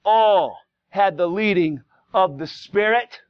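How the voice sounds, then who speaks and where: A man preaching a fiery Pentecostal sermon in a church, swinging from low conversational asides to shouted exhortation in plain, folksy speech. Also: slow, smooth, highs cut off. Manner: folksy plain-spoken grammar. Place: church sanctuary.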